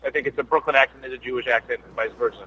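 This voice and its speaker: A man's voice: mid-range voice, steady tone, dull audio, over a noisy crowd. A man, a comedian, chatting casually as a podcast guest, rambling with frequent restarts. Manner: rambling, halting, many restarts. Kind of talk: casual chat. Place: New York based.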